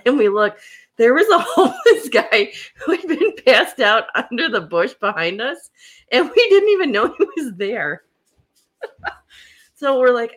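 A young woman hosting a podcast, telling personal stories in a casual, animated way and laughing often. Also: on the high side, normal speed, slightly rough. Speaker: podcast host. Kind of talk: casual storytelling chat.

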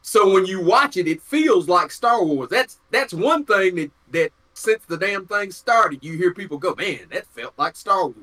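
A man holds forth in loose podcast chat. His voice sits a little high and sounds bright and forceful. He is blunt and profane and gets heated as he goes. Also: animated, a little slow, hardly any pauses. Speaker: podcast co-host. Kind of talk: casual chat.

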